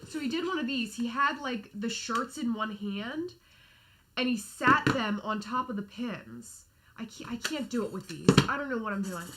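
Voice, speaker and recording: A woman co-hosting a live chat show, recounting events in an animated, profane way. Her voice sits a little higher than most women's. She talks in a loose, casual manner full of fillers. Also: normal speed, background noise. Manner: animated storytelling, swears freely. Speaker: podcast co-host.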